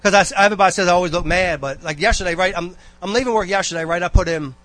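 A man, speaking casually to a church congregation. He rambles in a folksy way, breaking off into asides and stories. The delivery is a relaxed, unscripted church exhortation. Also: high-pitched, rapid-fire. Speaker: church member giving a talk.

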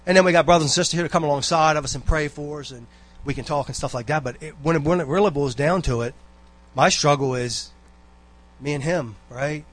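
A church member delivers a casual exhortation to a congregation, rambling and folksy with frequent asides. His voice is a little high and his pace brisk.

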